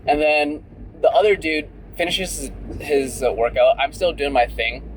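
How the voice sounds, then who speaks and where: A man's voice: on the high side, fairly even intonation, normal speed, slight background noise, rough recording. Chatty young man vlogging from his car. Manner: chatty and candid, many fillers like "like" and "right?". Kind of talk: casual storytelling vlog. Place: in a car while driving.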